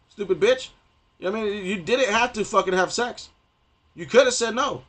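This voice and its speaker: A man's voice: high-pitched, expressive, normal speed, bright, forceful tone. A young man ranting on a gaming stream, profane and rambling, stumbling over restarts and repeating himself.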